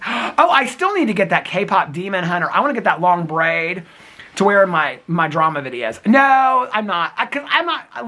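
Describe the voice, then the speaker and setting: A man's voice: sits high, big pitch swings, normal speed, pushed and bright. Giggly chatty man in his fifties. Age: 50s. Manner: giggly, chatty, calls viewers girl and honey. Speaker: vlogger. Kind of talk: casual daily vlog to camera. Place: outdoors in cold snowy weather.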